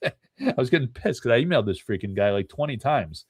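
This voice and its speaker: A man's voice: medium pitch, lively intonation, brisk, breathy edge, dry recording, studio quality. A man hosting a live card break stream, chatting casually and rambling, with frequent laughs between remarks.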